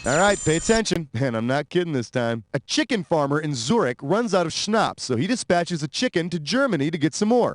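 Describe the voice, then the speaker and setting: A man's voice: high-pitched, dry recording. A man hosting a quiz game in a scripted, wisecracking, sarcastic style. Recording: loud music under the voice.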